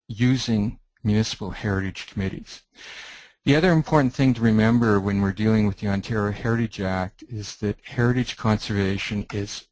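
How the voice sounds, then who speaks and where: A middle-aged Canadian man, a heritage planning consultant, presents a webinar, explaining things in a measured, teacherly way and pausing and restarting now and then. His fairly low voice sounds dry on a computer mic, with no room sound and low recording quality.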